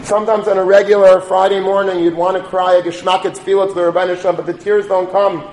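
A rabbi gives an earnest Torah talk, telling a story peppered with Yiddish and Hebrew words. His voice sits high and is a little mellow, fast with a level tone, in an echoey room with faint noise.

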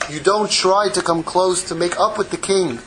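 A man giving a casual, animated Torah class, acting out little dialogues and dropping in Hebrew phrases. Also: high voice, normal speed, noisy background. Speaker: Torah teacher.

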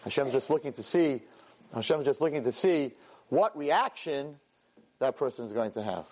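A man, a rabbi and teacher, telling a story in a Torah class, animated and self-mocking, sprinkling in Hebrew and Yiddish words. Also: medium pitch, moderate pace.

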